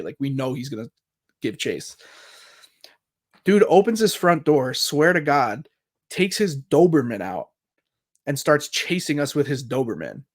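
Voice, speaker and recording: A man in his thirties telling a story casually as a podcast co-host, animated and swearing freely, acting out the other people's lines. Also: medium pitch.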